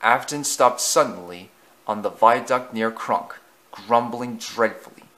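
A man narrating a children's railway story in a gentle, measured way. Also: mid-range voice.

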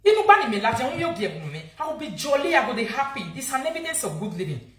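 A woman's voice: high-pitched, very animated, rapid-fire, echoey room. A woman with a Nigerian accent, scolding and insulting someone in a heated live-video rant. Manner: angry, insulting, repetitive scolding. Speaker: social media vlogger.

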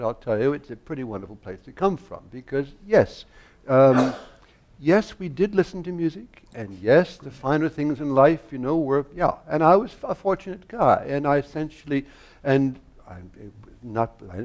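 An older man from the United States spins stories on a public stage with a mid-range voice. He talks in an animated way, laughs often and keeps tripping over his own restarts. Each answer sounds like a guest warming up before an audience. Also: mid-range voice, normal speed. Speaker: guest conductor and harpsichordist. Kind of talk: anecdotal stage conversation.

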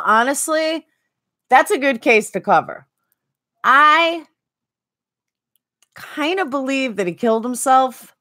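A woman's voice: on the high side, a bit bright. A woman streaming a game, chatting casually and answering viewers by name. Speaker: game streamer reading chat. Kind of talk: casual chat while gaming.

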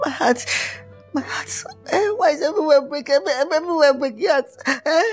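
A woman acting out a showy Nigerian pop singer in a comedy skit, high-pitched and swinging wildly in tone. He talks in dramatic, wailing repeats and never lets anything go. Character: heartbroken, showy male pop musician. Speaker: comic actor.

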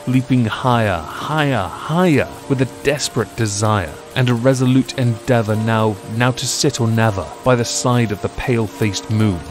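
A man giving a rhythmic, dramatic recitation of a poem as an ASMR poetry reading. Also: mid-range voice. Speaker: poetry reader. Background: soft music and rain ambience.

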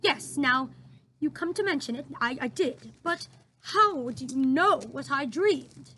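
A regal, self-possessed queen from a storybook, speaking in measured, stately phrases, as a woman puts her on. Her voice sits fairly high. Faint ambient noise lies under it. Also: expressive, pushed and bright, full character voice. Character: composed, regal older queen.

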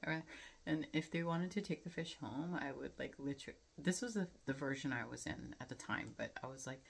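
A young woman talks at length to her viewers in a loose, meandering way, leaning on fillers and pausing to reflect. Her voice sits low, with a gravelly fry running through it. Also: big pitch swings. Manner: chatty, frequent fillers, laughs often, reflective. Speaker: vlogger. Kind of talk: casual rambling monologue.

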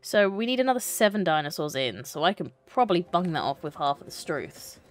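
A woman's voice: on the low side, big pitch swings, a little fast. A young woman streaming a game, chatting to herself and to the characters on screen. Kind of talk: casual gameplay commentary.

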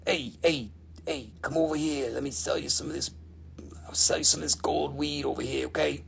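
A shady, hushed street hawker, as a man puts him on, murmuring quick sales pitches out of the side of his mouth. The voice dips low and quiet with a gravelly, husky grain, and it sounds a little away from the mic. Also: fairly even intonation, full character voice. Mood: sly. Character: shady hushed man hawking weed on the sly.

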